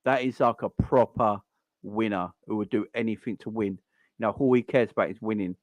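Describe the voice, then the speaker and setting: A man's voice: lowish voice, steady tone, moderate pace, dry recording. A young man hosting a live stream, ranting in an exasperated, repetitive way and swearing now and then. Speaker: fan channel host. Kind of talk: live-stream football rant.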